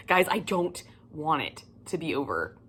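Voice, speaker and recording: A woman chatting casually in a book haul vlog, gushing and excitable, swearing freely and swinging between loud squeals and whispers. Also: low voice, measured pace, slightly rough. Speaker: book vlogger.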